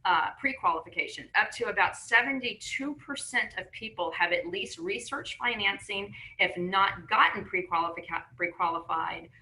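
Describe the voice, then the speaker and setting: Bright-voiced female panelist. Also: medium pitch, normal speed, few pauses, poor audio. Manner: conversational, explains with everyday examples. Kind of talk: panel discussion.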